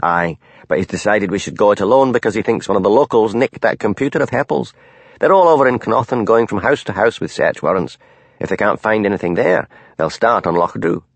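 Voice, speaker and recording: A man's voice: lowish voice, a little fast, husky, no echo. A man voicing a blunt, crude, hard-drinking male police detective.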